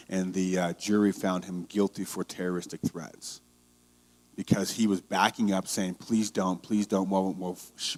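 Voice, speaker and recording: A male pastor preaching a conversational sermon, telling stories and growing heated. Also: deep voice. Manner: conversational storytelling, grows heated.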